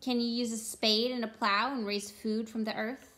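A woman voicing a solemn, kind lion king in a storybook read-aloud, speaking in slow, grave questions. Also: on the high side, level tone, a bit bright, close to an everyday voice.

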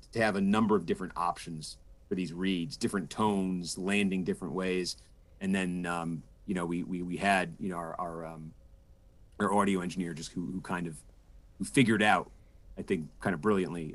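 A political correspondent and podcast host in his forties, appearing as a guest, gives thoughtful interview answers. His voice is deep with a fairly bright tone, and he often restarts and uses fillers.

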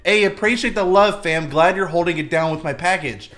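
A man's voice: fairly high pitch, a little fast, fairly bright tone, natural voice. Little Swipe, a slangy young influencer, voiced by a man. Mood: hyped. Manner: slangy, laid-back street talk. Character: cocky young male influencer.

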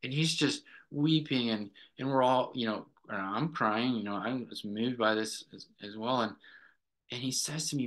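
A man's voice: mid-range voice, normal speed, fairly bright tone. A middle-aged man, a clinical director, earnestly recounting a therapy session to a group and often checking in with "right?".

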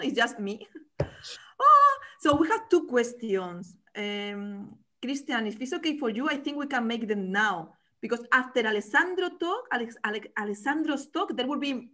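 A woman with a high voice hosts an online meetup over a video call. She moderates in a chatty, cheerful way. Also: expressive, normal speed, pushed and bright. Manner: cheerful, chatty, laughs at herself. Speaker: meetup host.

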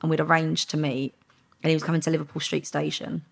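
A woman's voice: sits low, flat delivery, fast, gravelly. A woman, a former undercover police officer, recounting her work bluntly and candidly in an interview. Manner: blunt, candid retelling with frank language. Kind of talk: interview storytelling.

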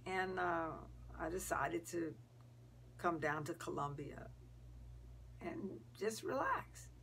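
A woman's voice: on the low side, takes it slowly, creaky, fairly bright tone, slight background noise, full character voice. A woman voicing a cautious young woman, talking in an earnest, slightly defensive way.

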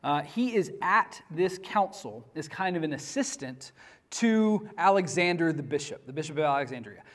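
A man's voice: fairly high pitch, animated, moderate pace. A man lecturing a class on church history in a conversational way, often asking the students questions.

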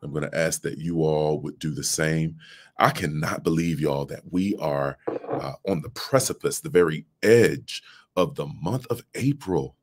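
Give me a man in his late thirties with a very low voice, a pastor talking to his online flock from his phone. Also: a little slow, slightly rough. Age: late 30s. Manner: warm preacher's cadence, calls to the audience. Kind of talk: livestreamed devotional talk. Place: office. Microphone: mobile phone.

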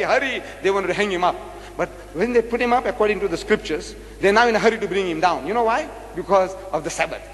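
A man's voice: on the high side, a little hiss or hum. An older man giving a public lecture, hammering home points with repeated rhetorical questions. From South Africa. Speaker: religious debater. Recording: echoey hall recording.

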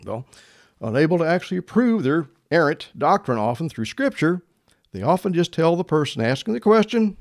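A man's voice: a little high, sing-song, moderate pace. A male pastor giving a sermon in a conversational storytelling manner, often asking his listeners questions. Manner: conversational, asks the audience questions.

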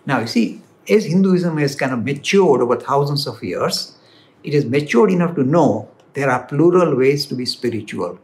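Animated Indian-accented man explaining. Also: mid-range voice, normal speed. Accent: Indian English. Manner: animated, emphatic, rises when stressing points. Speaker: speaker answering viewer questions. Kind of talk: explanatory talk on philosophy. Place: London studio.

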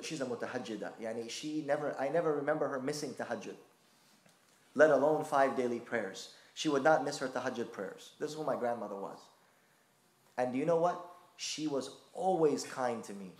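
Male preacher, impassioned storyteller; echoey lecture room. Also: medium pitch. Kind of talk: sermon.

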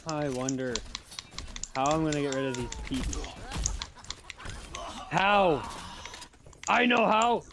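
Excitable gamer, wildly swinging pitch, slow delivery, loud keyboard clatter in the background. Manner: excitable, yelps and groans at each death. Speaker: gamer playing online. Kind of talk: casual gaming commentary. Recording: noisy with keyboard clicks.

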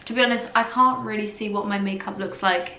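A woman's voice: medium pitch, steady tone, a little fast, bright, forceful tone, reverberant, a little hiss or hum. A young woman vlogging casually to camera, chatty and full of "like", sounding tired, in a hotel room. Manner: chatty, fills with "like" and "literally". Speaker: lifestyle vlogger. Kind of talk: casual vlog chat to camera.

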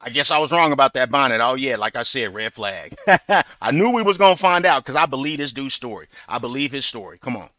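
A man's voice: medium pitch, animated, a little fast, few pauses, pushed and bright, no room sound, studio quality. A man giving blunt, mocking, profane commentary on bodycam footage, closing points with a catchphrase.

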